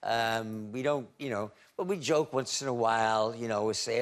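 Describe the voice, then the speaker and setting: A man in his seventies, a talk show guest, telling anecdotes in a halting way, repeating words and laughing at his own stories. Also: medium pitch. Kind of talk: anecdotal storytelling. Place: TV studio.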